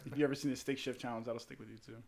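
A man telling crude stories in casual chat, animated and swearing a lot. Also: mid-range voice, rapid-fire, vocal fry. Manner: crude, animated storytelling with acted quotes.

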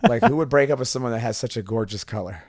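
A man's voice: medium pitch, darkish tone, no echo, studio quality. Playful man chatting casually. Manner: playful, does quick imitations. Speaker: co-host. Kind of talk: casual chat about music videos.

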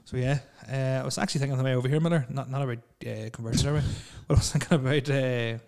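A man's voice: medium pitch, fairly even intonation, very fast, vocal fry, darkish tone, smooth. Young man, casual banter, rambling, crude jokes. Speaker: podcast co-host.

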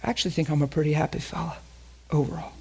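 A man preaching a sermon with passion, swinging between loud emphasis and hushed near-whispers and asking the congregation direct questions. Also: fairly high pitch, little pitch movement, racing.

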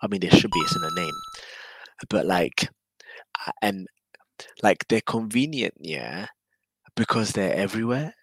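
A man's voice: sits low, lively intonation, a little slow, long pauses, breathy edge, no room sound, rough recording. A man with a London accent, chatting casually as an interview guest in a laid-back, slangy, rambling way. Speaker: guest, drifter.

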